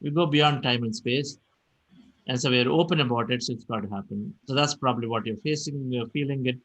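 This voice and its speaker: A man hosting a meditation group on a video call, calm and reassuring as he answers a participant's question. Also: mid-range voice, a little fast, low-quality recording. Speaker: meditation teacher and host.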